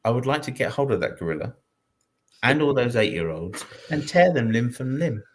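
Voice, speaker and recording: A man's voice: medium pitch, sing-song, normal speed. A man co-hosting a gaming podcast, ranting bluntly and swearing in casual chat. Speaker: podcast co-host.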